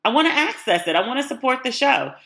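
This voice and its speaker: A woman's voice: sits high, very animated, quick pace, vocal fry, fairly bright tone. A woman hosting a podcast in a casual solo chat, frank and opinionated as she talks. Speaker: podcast host.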